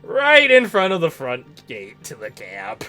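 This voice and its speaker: Man, higher voice, bright and very animated; casual game master narration. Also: a little slow, soft background music. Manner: lively, jokey, animated narration.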